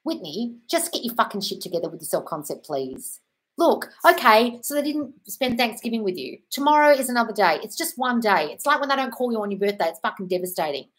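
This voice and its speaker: A woman's voice: a little high, very animated, brisk, fairly bright tone. A woman answering chat questions on a casual live stream, blunt and sweary, calling viewers darling.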